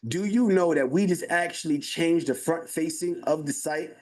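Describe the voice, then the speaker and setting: Hyped man pitching to a live chat. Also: moderate pace. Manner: hyped, addresses the chat, repeats phrases. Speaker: webinar presenter. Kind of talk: live webinar sales pitch.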